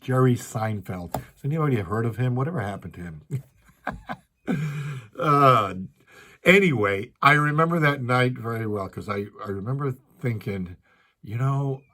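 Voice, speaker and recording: A man's voice: mid-range voice, moderate pace. Older man telling comedy stories. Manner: chatty, animated, acts out the voices of the people he quotes. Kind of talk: storytelling talk to a live audience. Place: library event room.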